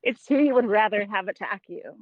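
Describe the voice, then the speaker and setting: A woman who is a guest on a casual podcast chat, joking in a dry, deadpan way. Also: mid-range voice, fairly quick, highs cut off.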